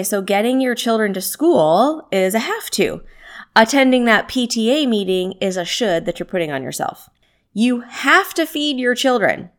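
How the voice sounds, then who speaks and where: A woman wellness coach giving a self-help talk in a conversational way, often asking rhetorical questions and laughing easily. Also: fairly high pitch. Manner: conversational, with frequent rhetorical questions and tag "right?"; laughs easily while speaking.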